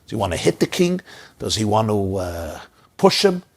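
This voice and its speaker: A man's voice: on the low side, big pitch swings, normal speed, vocal fry, slightly rough. A man telling a story as a sermon, dramatic and repetitive in his phrasing. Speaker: inspirational speaker.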